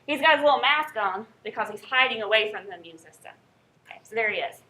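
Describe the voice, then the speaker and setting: Southern woman professor, young, chatty and upbeat, bright higher voice, keeps asking "okay?". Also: animated, quick pace. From North Carolina. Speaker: college professor. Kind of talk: first-day class introduction and roll call. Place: classroom.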